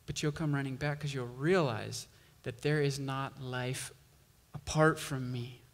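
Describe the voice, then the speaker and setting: Slow-preaching pastor in a reverberant hall. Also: male voice, medium pitch, fairly even intonation. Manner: slow, emphatic preaching with rising intensity. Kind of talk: sermon.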